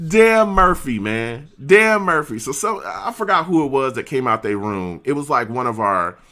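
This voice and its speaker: Animated man telling a slangy story. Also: mid-range voice, unhurried. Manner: animated, slangy, laughs often. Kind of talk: casual storytelling.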